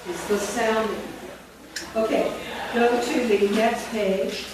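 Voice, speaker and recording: Woman slowly dictating phonics, echoey room. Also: fairly high pitch. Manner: slow, deliberate, sounds words out. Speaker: teacher trainer. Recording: echoey, distant, noisy room recording.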